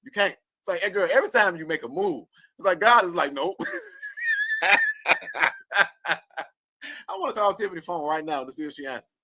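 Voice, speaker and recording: Animated, bright-voiced man ranting. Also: high voice, brisk, dry recording. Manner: animated, cussing, laughing often. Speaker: online commentator. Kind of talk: livestream commentary rant.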